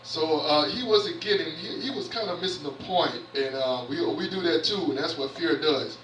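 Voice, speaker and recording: A man preaching a sermon in a sanctuary, reading scripture and then retelling it in plain talk. His voice is fairly high and pushes with a tense edge. It is captured from a distance and echoes around the church, with faint room noise underneath. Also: normal speed, fairly bright tone. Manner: reads scripture aloud then paraphrases it conversationally. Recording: roomy church audio picked up from afar.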